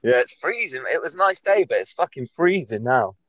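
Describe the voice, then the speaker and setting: A man from England with a West Country accent, a guest on a casual call-in chat, easygoing and quick to laugh. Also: mid-range voice, big pitch swings, a bit bright, dry recording, muffled recording. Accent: English, West Country.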